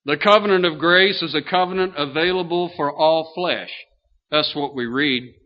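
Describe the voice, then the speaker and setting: An older man delivers a sermon in a folksy style, posing questions to his congregation along the way. His voice is on the high side and moves at a moderate pace. The recording sounds dull and lo-fi.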